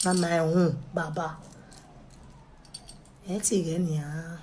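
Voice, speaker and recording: A young woman with a Nigerian Pidgin English accent, chatting straight to her viewers in a pleading, animated way that drops to a hush and rises loud. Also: on the low side, slow, a little hiss or hum. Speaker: vlogger. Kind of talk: casual direct-to-camera talk.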